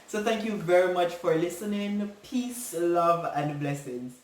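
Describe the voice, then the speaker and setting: A young man telling a story in a casual vlog, animated and acting out the voices of the people he quotes. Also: high-pitched, a little slow. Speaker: vlogger. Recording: echoey room, mic at a distance.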